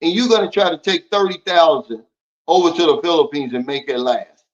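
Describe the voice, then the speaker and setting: With the highs cut off, the recording captures a man's slightly high, animated voice moving fairly quickly. He hosts a casual livestream, reading viewer comments aloud and answering them bluntly and preachily.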